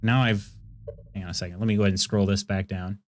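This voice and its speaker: A man's voice: fairly low pitch, fairly even intonation, fast talker, a little mellow. Chatty Midwestern American man. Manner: chatty, laughs often, reacts to chat messages. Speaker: streamer. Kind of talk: casual chat with viewers while gaming.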